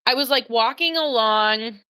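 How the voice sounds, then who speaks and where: A woman's voice: a little high, a little slow, sharp tone, smooth. A woman co-hosting a live stream, telling a story in a rambling, hesitant way. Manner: rambling, hesitant, with many fillers and restarts. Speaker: co-host, the host's sister. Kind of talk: casual storytelling chat.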